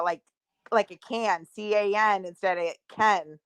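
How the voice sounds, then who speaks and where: A woman's voice: mid-range voice, fairly even intonation, unhurried, a bit bright, clear, resonant tone, no echo. A woman chatting casually as a guest, teasing and laughing easily. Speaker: guest on a chat stream. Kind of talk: casual chat.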